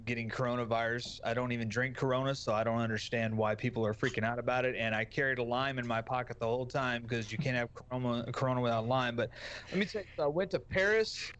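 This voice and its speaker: A man's voice: mid-range voice, steady tone, fast talker, few pauses, a bit bright, clear, resonant tone. A man with a Texan accent, a streamer guest telling a brash, profane, joking story on a podcast.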